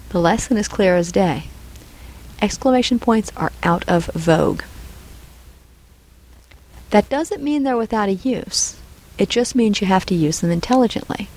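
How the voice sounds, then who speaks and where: A woman's voice: fairly low pitch, darkish tone, rough recording. A woman narrating a scripted lesson on punctuation, reading example dialogue aloud and naming each punctuation mark. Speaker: writing instructor.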